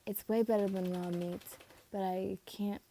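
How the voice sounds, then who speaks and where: Woman reading a fan fic out loud, mellow warm voice, trips over words and fixes them. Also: mid-range voice, fairly even intonation, a little slow, slight background noise. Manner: casual reading with stumbles and self-corrections. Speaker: reader. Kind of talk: amateur fan story reading.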